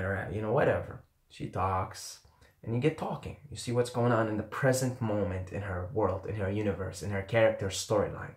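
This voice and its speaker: A man's voice: fairly low pitch, fairly even intonation, fairly quick, echoey room. A man giving casual dating advice to camera, rambling, swearing freely and repeating himself.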